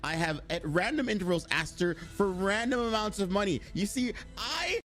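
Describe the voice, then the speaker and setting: A man's voice: high voice, expressive, normal speed, a bit bright, faint music behind. A young man live streaming, chatting casually with his chat, rambling, joking and swearing freely.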